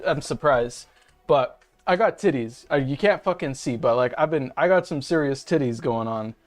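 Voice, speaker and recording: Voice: mid-range voice, animated, moderate pace, faint music behind. A young streamer, self-described femboy, ranting casually and profanely to viewers at a home setup. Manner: profane, rambling, venting. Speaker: streamer, host of the channel. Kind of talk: casual ranting livestream chat. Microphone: webcam and desk mic at home.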